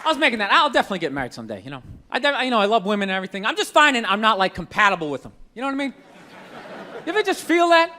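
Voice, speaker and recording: A man doing a stand-up comedy routine, ranting and swearing in an animated way to a live audience. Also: high-pitched, rapid-fire. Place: large hall with an audience. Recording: echoey hall, faint crowd noise.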